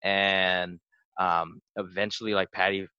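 A young man in his twenties with a low voice tells a rambling story, his talk full of "like" fillers. The sound is dry and a little dull, as on a modest home setup. He talks in a loose, casual podcast-host way. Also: flat delivery, measured pace, clean tone, no room sound. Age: 20s.

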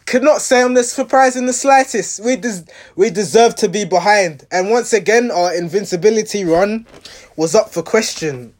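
High-voiced exasperated football fan. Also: male voice, moderate pace. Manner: rambling, exasperated, frequent restarts. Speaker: football fan reviewing a match. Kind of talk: casual match reaction.

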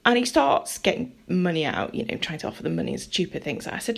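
Gravelly-voiced woman telling a story. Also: medium pitch, a little fast, hardly any pauses. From near Liverpool, England. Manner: rambling, animated, acts out dialogue. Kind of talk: casual personal storytelling.

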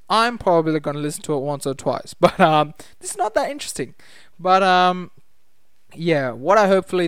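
Young man, podcast host, casual rambling chat, self-deprecating, fairly high voice, dry close sound. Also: clean tone, dry recording. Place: home study room.

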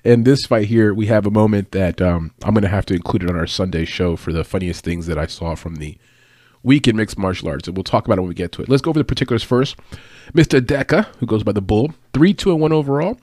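A man's voice: fairly low pitch, fast talker, a little mellow, no room sound, clean studio sound. A man hosting a casual sports breakdown show, chatty and upbeat, laughing at his own asides. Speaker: MMA podcast host.

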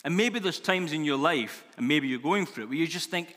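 Male preacher, bright forceful delivery, earnest and emphatic, church hall reverb. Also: fairly high pitch, expressive, brisk, few pauses. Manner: earnest, emphatic, builds in intensity. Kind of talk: sermon.

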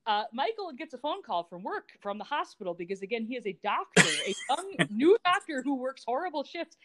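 A woman's voice: sits high, brisk, heavy background noise. A woman co-hosting a podcast, recapping a TV episode in casual chat with sarcastic asides and frequent laughs. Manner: animated, sarcastic, laughs often. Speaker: podcast co-host recapping a TV show.

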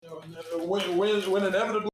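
A man co-hosting a podcast in casual chat, excitable and animated, breaking into shouted asides. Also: high-pitched, quick pace, roomy sound, low-quality recording. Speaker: podcast co-host.

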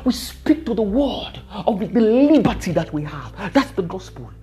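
Brief: woman preacher, lively swooping delivery, warm dark tone, faint music behind. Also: mid-range voice, normal speed. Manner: emphatic, repetitive, laughs often. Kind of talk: sermon.

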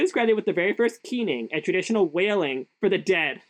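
A woman's voice: lowish voice, animated, fast, poor audio. A young woman cohosting a podcast in casual chat, giggly and sarcastic, with lots of "like".

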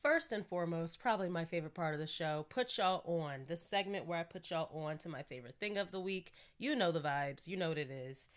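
A woman's voice: fairly low pitch, fairly quick, hardly any pauses. A young woman hosting her own podcast in a casual, candid solo chat, talking freely and laughing often. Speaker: podcast host.

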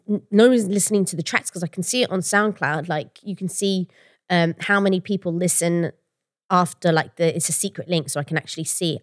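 Woman, English accent, casual podcast co-host, rambling and chatty, fond of swearing, fairly low voice, dry close sound. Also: no room sound. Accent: English, with odd Canadian-sounding words. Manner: chatty, rambling storyteller with many "like"s; swears freely while joking.

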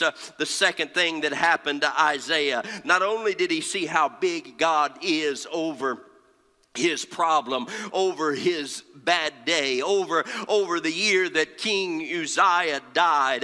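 A man preaching a sermon as pastor, pausing often with "uh" and repeating key phrases for emphasis. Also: fairly high pitch, sharp tone. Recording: long reverb of a hall.

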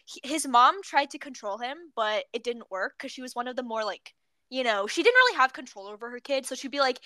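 Bright, high-voiced young woman telling stories. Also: fairly quick, no room sound. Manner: giggly, animated storytelling. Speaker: podcast co-host. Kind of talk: casual chat.

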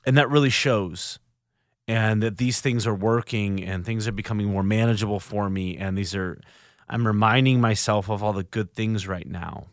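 A man's voice: lowish voice, no room sound. A man hosting a solo podcast in a studio, speaking earnestly and reflectively, often stopping to restart his sentences. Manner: earnest, halting with frequent restarts. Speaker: podcast host. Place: recording studio.

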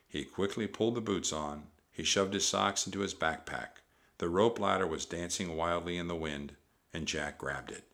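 A man narrating a children's audiobook in a steady, measured storytelling voice. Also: low voice.

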